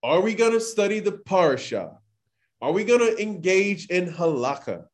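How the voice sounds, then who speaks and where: A man's voice: high voice, very animated, normal speed. Chatty man teaching scripture casually. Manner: chatty, full of "like" and acted-out quotes. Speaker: Torah teacher. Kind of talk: casual scripture study talk.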